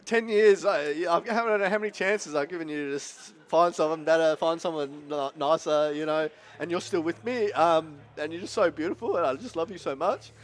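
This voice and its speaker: A man giving a halting, tearful thank-you speech after winning a tournament, close to crying and swearing now and then. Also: fairly high pitch. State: emotional, close to tears. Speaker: tournament winner. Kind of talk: emotional post-match thank-you speech. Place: tournament venue.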